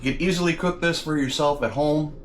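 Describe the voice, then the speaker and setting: A man with a slightly high voice runs a casual cooking channel, chatting fairly quickly to his viewers, whom he calls guys. He tastes as he talks, with pleased mm hums, over a faint hiss or hum.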